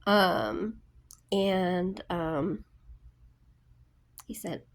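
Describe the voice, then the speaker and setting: Lady book vlogger telling a story real slow, lots of ums and restarts. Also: on the low side. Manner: rambling, many fillers and restarts. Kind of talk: casual storytelling.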